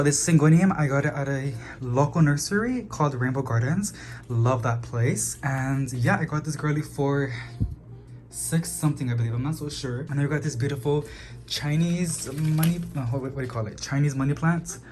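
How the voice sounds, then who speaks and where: A man hosting a casual houseplant tour of his apartment, chatting quickly and calling his plants "girly" as he walks through the rooms. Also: mid-range voice, a little mellow. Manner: chatty, talks fast, calls plants "girly". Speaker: plant channel host. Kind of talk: casual home tour vlog.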